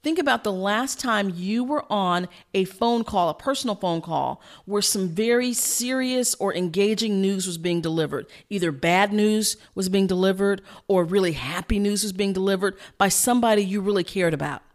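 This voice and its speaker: An energetic woman coach teaches at a rapid clip, pushing her voice up and down to demonstrate what she means. Her delivery is emphatic and instructive. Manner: energetic, emphatic, varies pitch to illustrate points; fast-talking. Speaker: communication coach and host. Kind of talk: instructional talk.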